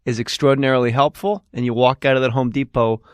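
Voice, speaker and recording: Talking fast in a clean, echo-free medium-pitched voice, this middle-aged comedy podcast host banters jokily and does a host-read ad. He's lively and keeps slipping into mock voices whenever he quotes someone.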